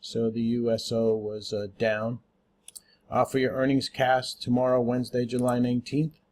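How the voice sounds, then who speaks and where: A man's voice: mid-range voice, completely flat delivery, moderate pace, darkish tone. A man hosting a casual daily stock market rundown, talking unscripted with lots of "uh" fillers and spelling out tickers letter by letter. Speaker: stock market watchlist host.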